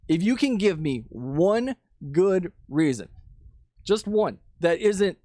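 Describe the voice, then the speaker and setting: A man with a fairly high voice rants into a pop-filtered mic. He is sarcastic and indignant, and he swears freely. The sound is dry and close, with no room around it. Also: expressive, slow pace, a little mellow, dry recording. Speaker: commentary channel host. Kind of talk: ranting commentary. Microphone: studio mic with pop filter.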